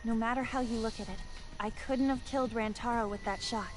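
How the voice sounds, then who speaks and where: A woman voicing a bright, earnest teen pianist girl. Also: fairly high pitch, steady tone, brisk, noisy background, close to an everyday voice. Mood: playful, insistent. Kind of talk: English game dub. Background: game music.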